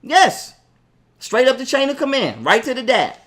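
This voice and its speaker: Young man, high bright voice, profane, animated storyteller. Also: normal speed. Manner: profane, animated, acts out quotes. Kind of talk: casual ranting story.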